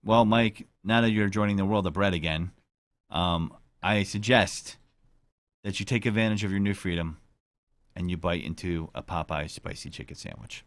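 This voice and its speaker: A man's voice: low-pitched, moderate pace, dry recording. A man hosting a casual podcast chat, rambling and joking with crude language. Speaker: podcast host.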